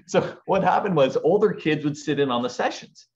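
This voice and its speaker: A man in his forties, a guest on a business podcast, telling his story with lively acted-out quotes. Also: a little high, normal speed. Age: 40s. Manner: animated storyteller acting out quoted voices. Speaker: guest speaker. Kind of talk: storytelling interview. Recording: dull lo-fi audio.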